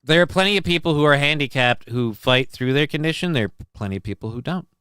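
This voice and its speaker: Quick, animated, and a bit high, this man's bright, forceful yet smooth voice hosts a casual live stream. He reads viewers' messages and defends himself in rambling answers, swearing casually, and his voice cracks at times; the studio-quality audio has no room sound.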